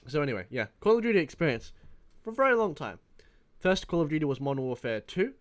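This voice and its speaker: Very animated and talking fast in a slightly high voice, a roughly twenty-year-old Australian gaming YouTuber rambles through a profanity-filled gaming tale in a laid-back vlog.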